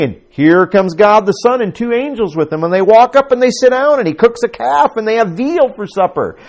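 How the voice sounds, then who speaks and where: A man preaching a conversational sermon to his congregation, asking them questions as he teaches. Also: high voice. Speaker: pastor.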